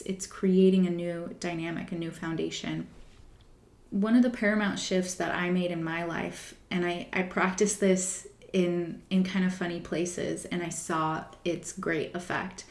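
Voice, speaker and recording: A woman hosting a spiritual wellness podcast, talking softly and unhurriedly in a reflective way, with the odd filler. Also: lowish voice. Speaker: podcast host. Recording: roomy echo.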